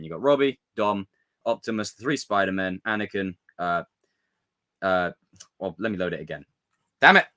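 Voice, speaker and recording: Theatrical man hosting a livestream. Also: lowish voice. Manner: theatrical, animated rants. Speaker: livestream host. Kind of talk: casual live chat with viewers.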